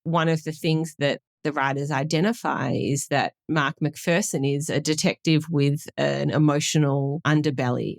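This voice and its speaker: A woman's voice: low voice, no echo, clean studio sound. A woman in her thirties, a film historian talking casually on a podcast, musing aloud and laughing easily. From Australia. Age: 30s. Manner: thoughtful, laughs often, trails off mid-thought.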